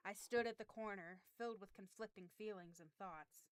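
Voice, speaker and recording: A woman streamer reading a horror game's story aloud, breaking off now and then for quick asides. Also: medium pitch, smooth, no room sound. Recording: game music behind voice.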